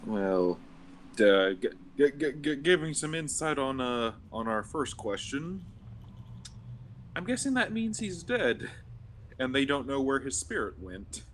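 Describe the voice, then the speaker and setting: A man's voice: mid-range voice, sing-song, unhurried, slight background noise. A man playing a tabletop game over an online call, hesitant, stammering and repeating words. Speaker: player. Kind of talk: casual tabletop game chat. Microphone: own microphone over an online call.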